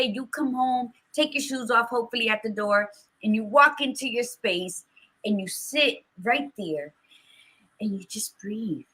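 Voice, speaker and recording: A woman's voice: on the high side, bright, forceful tone, slightly rough. A woman co-hosting a podcast, giving blunt, profane motivational talk in a casual chat. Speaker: podcast co-host.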